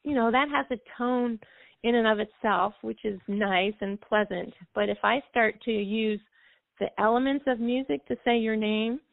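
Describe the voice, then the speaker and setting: A woman guest speaks with a gravelly edge, explaining at length and now and then singing short phrases to make her point. Her voice comes through a tinny, dry phone line. She sounds like a practiced trainer talking to a radio host. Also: fairly high pitch, normal speed, dry recording. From United States. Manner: explanatory, sings snippets of songs to illustrate. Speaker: music therapist guest. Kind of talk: call-in radio interview.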